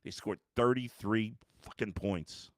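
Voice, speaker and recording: A man with a lowish voice speaks at a measured pace in a dry, clean studio recording. Hosting a live-streamed sports reaction podcast, he sounds exhausted and fed up, reading fan comments aloud and answering them bluntly with some profanity.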